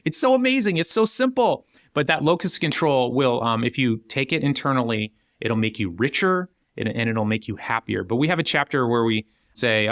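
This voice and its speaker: A man's voice: fairly quick, few pauses, no echo, studio quality. A middle-aged man, a guest author on a podcast, talking casually and animatedly, his voice jumping up when he acts out quoted voices. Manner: animated, jumps up in pitch acting out quoted voices.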